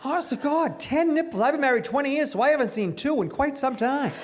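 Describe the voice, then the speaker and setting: A middle-aged man doing a stand-up comedy routine on a club stage, with a brash, punchy delivery and sudden loud bursts. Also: very high-pitched, animated, fast, background noise.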